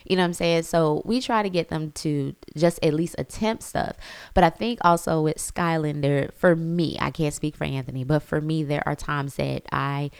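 Low, smooth-voiced woman telling a story. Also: moderate pace, a little mellow, dry recording. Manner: chatty, says y'all, acts out quotes. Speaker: vlogger. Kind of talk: casual storytelling.

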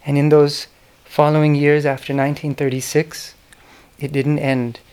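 A man's voice: a little high, little pitch movement, moderate pace, clean tone. A middle-aged man giving a reflective, devotional talk, telling stories in an earnest manner. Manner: earnest, devotional storytelling with soft, whispered quoted names. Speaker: speaker giving a talk on spiritual history. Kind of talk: reflective spoken lecture.

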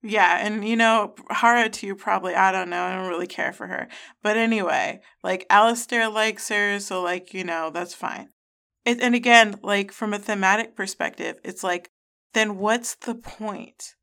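Woman podcast co-host, casual and sarcastic, ranting, mid-pitched voice. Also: fairly even intonation, moderate pace, vocal fry, pushed and bright. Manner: sarcastic, ranting, swears freely. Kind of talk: casual book-discussion chat.

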